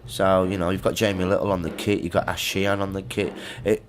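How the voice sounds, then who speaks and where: Middle-aged musician, very low voice, loose chatty storyteller, slangy. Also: male voice, flat delivery, quick pace. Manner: chatty anecdotes with slang and laughs. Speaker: musician guest. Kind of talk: casual storytelling interview.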